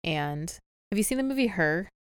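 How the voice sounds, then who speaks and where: A woman's voice: on the low side, lively intonation, normal speed, clear, resonant tone, no room sound, studio quality. A woman co-hosting a podcast in casual chat, chatty and laughing often as she recaps a show. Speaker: podcast co-host.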